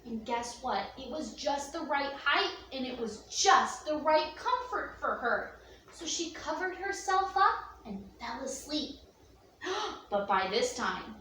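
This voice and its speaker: Bright, high-voiced woman reading storytime to kids, slow and animated, roomy and distant. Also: slight background noise. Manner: expressive, slow, with gasps and sweeping pitch. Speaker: storyteller for children. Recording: echoey room, distant mic, faint ambience.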